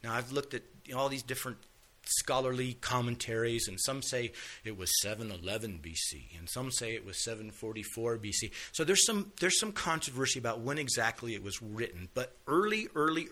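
Bright-voiced man teaching Bible class. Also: medium pitch. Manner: folksy storytelling, acts out quotes casually.

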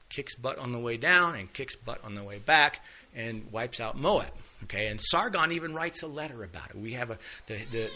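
A man's voice: mid-range voice, pushed and bright. A man teaching a Bible lesson, retelling stories in a folksy, conversational way and casually acting out the characters' lines. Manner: folksy storytelling, acts out quotes casually.

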